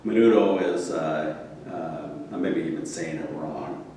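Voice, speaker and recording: A man's voice: extremely low pitch, a little slow, warm tone, far from the mic. Rambling, swearing man in an echoey room. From Seattle area. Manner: rambling, profane, laughs often. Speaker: show regular, storyteller. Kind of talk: casual storytelling chat. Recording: roomy echo, from off mic, faint noise.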